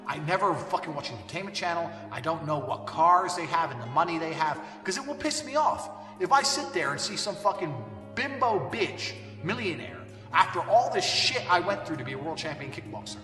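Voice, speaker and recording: In an echoey hall with faint music behind him, a man with a fairly high, sharp voice delivers a blunt, profane, emphatic self-help rant, heard from a distance.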